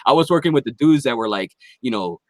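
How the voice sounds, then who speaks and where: A man's voice: mid-range voice, lively intonation, quick pace, a little mellow, dry recording. A man guest on a podcast, telling a long, profanity-heavy story in casual chat. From Philadelphia area.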